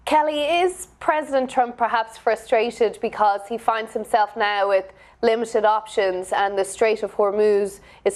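A woman news anchor reads the reports, then moderates a panel discussion. She is brisk and friendly, and her voice sits at a middle pitch. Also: a little mellow.

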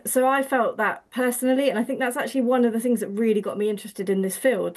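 A woman with an Essex accent answers interview questions as an academic guest. She explains clearly and at length, her pitch sitting in a middle range. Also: a little mellow. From Essex, England. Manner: articulate, explanatory.

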